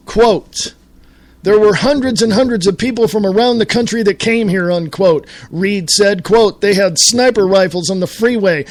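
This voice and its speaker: A man's voice: high voice, moderate pace. A middle-aged man from the United States hosting a talk radio show, reading quotes aloud and ranting with profanity. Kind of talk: angry political commentary.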